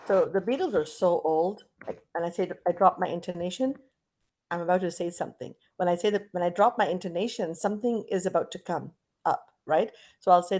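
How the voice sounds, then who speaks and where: A middle-aged woman from Canada teaching an online English class, chatty and stretching out words and pauses to model intonation. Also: fairly low pitch, darkish tone, poor audio.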